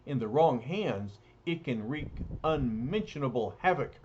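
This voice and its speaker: A man's voice: mid-range voice, lively intonation, unhurried, darkish tone, slight background noise, lightly acted. A man voicing an arrogant, ruthless male villain warlord in a comic book read aloud, with a raised, ranting delivery. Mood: boastful. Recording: dull lo-fi recording.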